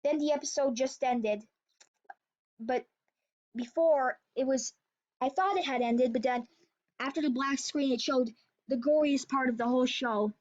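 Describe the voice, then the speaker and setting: She speaks unhurriedly in a high voice, pausing often, as she rambles through a creepypasta in a casual storyteller's way. Frequent restarts and self-corrections mark her delivery, and the lo-fi recording sounds dull.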